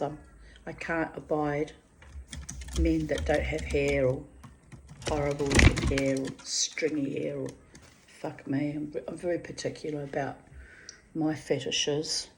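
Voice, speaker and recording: A mature woman reads from her personal diary in a slow, unhurried way. Her voice sits a little low, and she speaks bluntly, with frank swearing and exasperated asides. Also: flat delivery, slight background noise. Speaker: diarist reading her journal. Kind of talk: diary-style personal reading.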